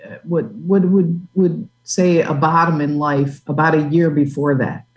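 A woman giving a personal faith testimony as a guest, earnest and halting, with restarts. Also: low-pitched, steady tone, noisy background. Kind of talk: testimony in an interview.

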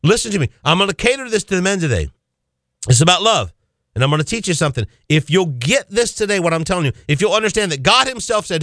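A male radio preacher delivering a sermon, swinging his pitch and emphasis suddenly. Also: sing-song, fast talker, fairly bright tone, dry recording, clean studio sound.

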